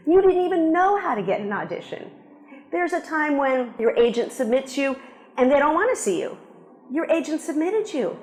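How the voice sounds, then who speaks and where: A middle-aged woman, an acting teacher, giving frank, encouraging career advice straight to camera in a conversational way. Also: a little high. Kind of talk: direct-to-camera advice talk. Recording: roomy echo.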